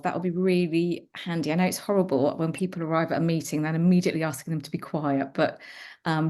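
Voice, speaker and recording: A middle-aged woman leading an online meeting from her office, speaking hesitantly with many pauses. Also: fairly low pitch, a little mellow. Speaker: project lead and host. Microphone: video call.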